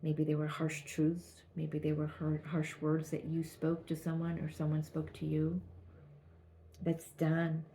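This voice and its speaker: Gently and haltingly, a tarot reader channels a reading, often starting sentences over. Her voice is low, gravelly, mellow and dark, kept flat and even, and a faint noise lingers behind it.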